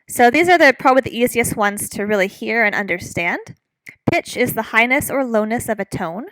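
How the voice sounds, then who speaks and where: A woman's voice: fairly high pitch, a bit bright, dry recording, poor audio. A woman teaching a recorded music lecture, explaining patiently with frequent fillers. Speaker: music instructor.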